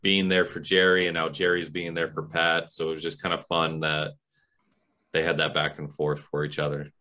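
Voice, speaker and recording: A man with a very deep voice and a bright, forceful tone, talking over a movie on a podcast. He is earnest and quick to laugh, warmly gushing over the sweet moments. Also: level tone. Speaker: podcast co-host. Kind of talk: casual movie review chat.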